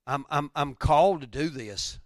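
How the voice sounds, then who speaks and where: A man preaching a conversational sermon, telling stories, then rising loud and dropping to near whispers. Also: on the high side, normal speed, no room sound, clean studio sound. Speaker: pastor.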